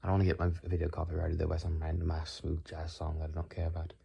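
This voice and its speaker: A tired young man rambling softly and unscripted into his phone in his bedroom late at night, with a soothing, unhurried voice. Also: rumbling low, completely flat delivery, vocal fry, a little hiss or hum. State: tired, sleepy. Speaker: vlogger.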